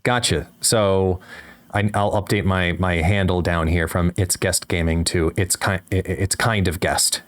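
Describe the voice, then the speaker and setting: A man co-hosting a podcast in casual chat, earnest and halting with frequent restarts. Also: low voice, fairly even intonation. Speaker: podcast co-host.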